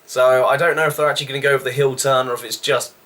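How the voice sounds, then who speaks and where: A man casually reviewing a wrestling show, chatty and loose with sighs and quick asides. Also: mid-range voice, little pitch movement, a bit bright.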